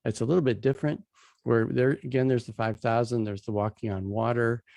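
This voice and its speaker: A man's voice: mid-range voice, steady tone, a little fast, creaky, darkish tone, no room sound. A man casually teaching a Bible passage, retelling its scenes in plain, everyday slang as he walks through slides.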